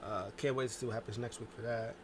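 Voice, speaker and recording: A man's voice: medium pitch, steady tone, quick pace, slight background noise. A man giving a loose, rambling casual recap monologue, full of filler words and restarts. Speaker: wrestling show reviewer.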